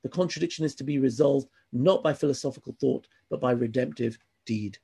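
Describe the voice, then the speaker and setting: A man's voice: medium pitch, fairly quick, vocal fry, warm tone, breathy edge. A man teaching a class, reading passages aloud and adding earnest, emphatic asides of his own. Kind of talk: class lecture reading from a text.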